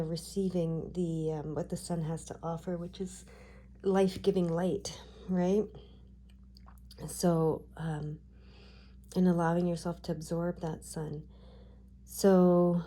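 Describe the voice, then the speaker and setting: A woman giving a tarot card reading, talking gently and reassuringly with frequent check-ins to her viewers. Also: fairly low pitch, a little hiss or hum. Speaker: tarot reader.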